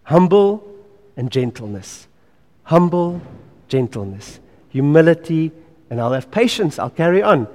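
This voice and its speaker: A man's voice: on the high side, very animated, unhurried, long pauses. Earnest preacher man in an echoey hall. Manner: earnest and emphatic, repeating key phrases, dropping to quiet asides. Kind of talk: sermon.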